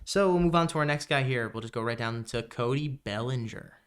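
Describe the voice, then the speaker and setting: A man's voice: medium pitch, fairly quick, smooth. A young man co-hosting a podcast, chatting casually and a bit rambling about baseball, with the hiccups. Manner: relaxed, rambling with fillers. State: has the hiccups. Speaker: podcast co-host. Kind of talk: casual sports chat.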